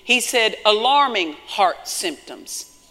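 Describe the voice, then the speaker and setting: A man preaching a sermon with emphatic delivery, rising to shouts at his peaks and telling stories in quoted voices. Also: high voice, big pitch swings, takes it slowly. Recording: long hall reverb.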